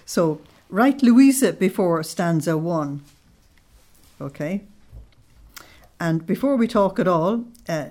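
A woman teaching a spiritual study lesson, unhurried and a little hesitant, often checking in with her listeners. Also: lowish voice, animated, warm tone. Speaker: religious teacher.

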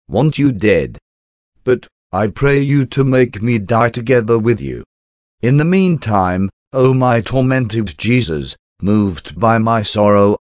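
Slow solemn man reading a devotion. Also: medium pitch, no room sound, clean studio sound. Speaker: devotional reader.

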